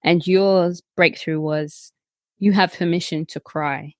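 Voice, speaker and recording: A woman's voice: fairly low pitch, steady tone, takes it slowly, dry recording. A woman hosting a podcast interview, speaking in an affirming, encouraging way. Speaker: podcast host. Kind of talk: casual interview talk.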